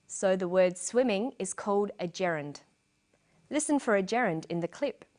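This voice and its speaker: A woman's voice: medium pitch, animated, darkish tone. Woman teaching English lessons. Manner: clear, measured explanatory delivery. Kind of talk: scripted educational narration.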